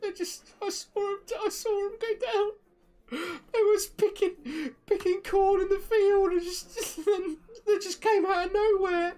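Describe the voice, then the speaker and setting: Woman as a terrified young farmhand, stammering and crying, pitched way up. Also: slow, soft background music, lightly acted. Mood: panicked sobbing. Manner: frantic, sobbing, voice cracking. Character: panicked young male farmhand, sobbing.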